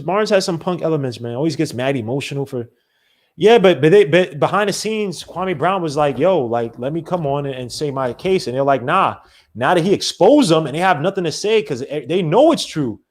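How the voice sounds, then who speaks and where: A man hosting a sports podcast, ranting in a rambling, animated way with many restarts. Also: a little high. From not from the American South. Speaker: podcast host. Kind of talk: casual solo sports talk.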